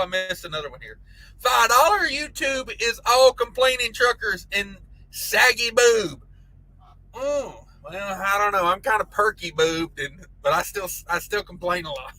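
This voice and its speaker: A man's voice: sits high, sharp tone, dry recording, low-quality recording. A man hosting a casual trucking live stream, reading chat messages aloud with crude jokes and frequent laughter. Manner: crude joking banter, laughs often.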